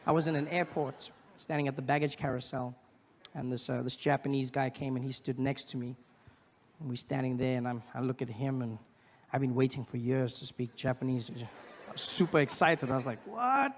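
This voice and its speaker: A man doing stand-up comedy, animated and slipping into exaggerated character voices. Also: mid-range voice, moderate pace, in a large hall. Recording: live stand-up with audience noise.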